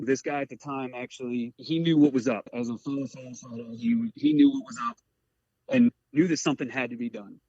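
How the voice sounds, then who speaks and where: A firefighter in his forties from the Eastern Shore of Maryland talks through his own story in an earnest, halting way, often reaching for "like." His voice sits at an ordinary middle pitch for a man. The recording is dry and a little muffled. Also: mellow, dry recording. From Eastern Shore of Maryland, USA. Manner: earnest, halting, many "like" fillers. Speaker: career firefighter, podcast guest. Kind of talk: candid personal storytelling. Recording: dry, slightly muffled audio.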